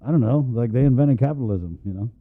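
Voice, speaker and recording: A man's voice: medium pitch, fast. A man hosts a radio talk show in a loose, joking way, laughing often as he chats. His voice is thin and narrow, as if coming through a phone line. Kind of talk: casual radio chat.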